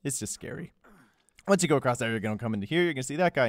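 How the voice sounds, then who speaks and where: A young man narrates a game walkthrough in a loose, sarcastic voice-over full of joking asides. His voice sits in a middle pitch, recorded dry and close on a desk mic. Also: animated, racing, no room sound. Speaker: gameplay guide narrator. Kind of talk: casual walkthrough commentary.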